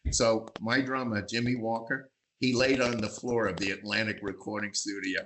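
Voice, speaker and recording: An older man from the Bronx, telling lively anecdotes as a guest, acting out voices and singing bits of songs. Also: fairly low pitch, normal speed, slight background noise, rough recording. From East Bronx, New York. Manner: animated raconteur, acts out voices and sings snatches. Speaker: magazine publisher, guest. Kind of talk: storytelling interview.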